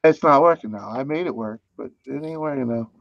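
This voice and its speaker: A man's voice: medium pitch, fairly quick, dry recording. Easygoing man laughing on a dull dry mic. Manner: laughing, self-deprecating, easygoing. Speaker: livestream host. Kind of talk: casual livestream chat.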